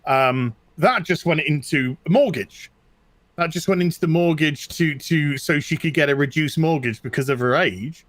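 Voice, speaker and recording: With a fairly high pitch and normal speed, captured dry, a middle-aged British co-host swaps stories in an easygoing chat. He's lively, repeats himself a lot, and restarts his sentences often while telling personal stories.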